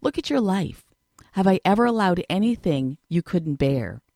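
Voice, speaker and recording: A woman reading as gentle, sorrowful Jesus. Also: on the low side, animated, normal speed, no room sound, clean studio sound. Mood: gentle pleading. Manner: sad, gentle, pleading questions. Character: gentle, loving Jesus speaking to a man.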